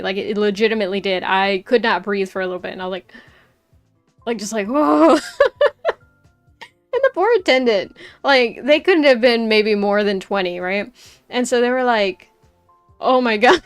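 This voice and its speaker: A female streamer with a medium-pitched voice tells a story in a casual chat, animated throughout, laughing often and using plenty of fillers.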